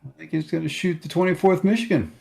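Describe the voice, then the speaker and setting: A man's voice: fairly high pitch, quick pace, gravelly, a little mellow. A man playing a tabletop wargame, working hesitantly through his moves. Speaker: player. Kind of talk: tabletop game chat.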